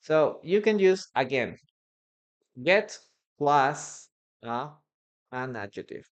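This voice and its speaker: A man's voice: a little high, very animated, slow. A man whose first language is Spanish, teaching a live online English class and patiently explaining grammar through example sentences on a computer mic.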